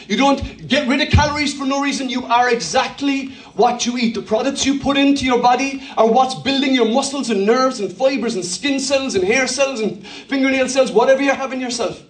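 A man preaching a sermon as pastor, animated, firing rhetorical questions and joking with the congregation. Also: very high-pitched. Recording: echoey room from far off.

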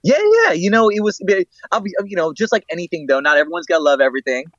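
A man's voice: fairly high pitch, lively intonation, quick pace, fairly bright tone, no room sound, dull audio. A man guesting on a podcast, rambling in a laid-back, repetitive way. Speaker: guest actor. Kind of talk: casual podcast chat.

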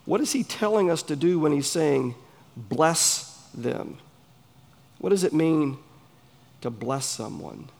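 Gravelly Southern preacher in a hall. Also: male voice, fairly high pitch, expressive, a little mellow. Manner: earnest, emphatic, pauses between phrases. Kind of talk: sermon. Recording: long hall reverb.

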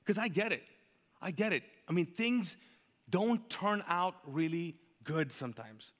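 Man, pastor, conversational sermon, rhetorical questions, high voice, long hall reverb. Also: lively intonation, unhurried. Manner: conversational preaching with rhetorical questions and audience call-and-response.

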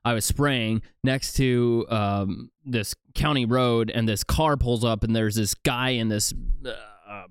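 A man hosting a podcast in casual chat, animated and full of restarts and "like"s. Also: medium pitch, a little slow, few pauses, clean tone, no room sound, clean studio sound. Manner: animated, stumbling restarts and many "like"s. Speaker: podcast host.

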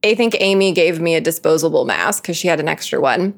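A young woman co-hosting a podcast, telling a story in a casual, animated way, laughing often and saying "like" a lot. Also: deep voice, a little fast. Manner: animated, laughing, full of filler "like".

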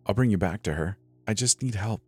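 A man voicing a desperate young man dressed as a fairy-tale prince, pleading in a strained, halting way. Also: lowish voice, slightly rough, soft background music. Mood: weary, impatient.

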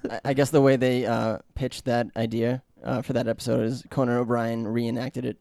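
A man with a gravelly, creaky voice talks casually, pausing and searching for words. He sits at a middle pitch, recorded dry and close. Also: little pitch movement, dark tone, no echo. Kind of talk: casual chat.

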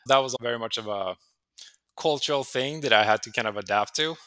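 Swede telling stories, bright dry voice. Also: male voice, medium pitch, brisk, no echo. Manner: animated, acts out quoted voices. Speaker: interview guest. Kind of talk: conversational storytelling.

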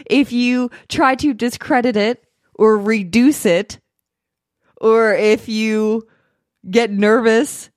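A woman's voice: fairly high pitch, steady tone, slow pace, dry recording, studio quality. A woman giving upbeat, chatty self-help advice straight to her viewers, laughing often. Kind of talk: encouraging direct-to-camera talk.

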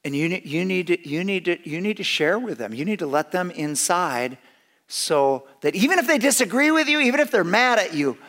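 A middle-aged man telling a humorous story to an audience, lively and full of restarts. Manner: animated, with big swings in pitch and loudness; repeats and restarts phrases as he talks.

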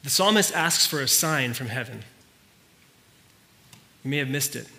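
Guy preaching, bright kinda high voice, chatty storyteller. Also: expressive, normal speed, gravelly. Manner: storytelling, conversational with quiet earnest passages. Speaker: pastor. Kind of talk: sermon.

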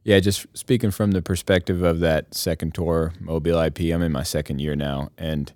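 A man's voice: deep voice, steady tone, moderate pace, a little mellow, no room sound, studio quality. A man who is an instructor pilot, speaking reflectively in a casual roundtable chat.

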